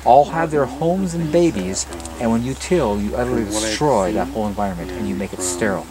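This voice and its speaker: A man from the Los Angeles area giving a garden tour, telling stories with lively energy and often repeating words as he starts his sentences. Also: fairly low pitch, a little fast. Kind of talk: casual outdoor talk to a tour group. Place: outdoors in a garden with a crowd. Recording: distant outdoor recording with crowd noise.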